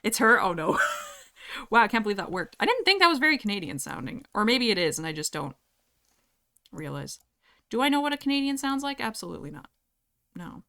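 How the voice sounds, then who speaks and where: A woman's voice: mid-range voice, very animated, fairly quick, pauses often, pushed and bright. Chatty, giggly young woman streamer. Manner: chatty, giggly, reads chat aloud. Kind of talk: casual chat with live chat.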